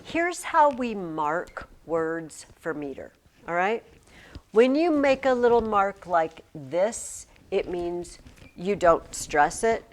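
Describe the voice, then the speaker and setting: A middle-aged woman teaching a classroom, chanting rhythms aloud in a chatty, animated way. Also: fairly low pitch, takes it slowly.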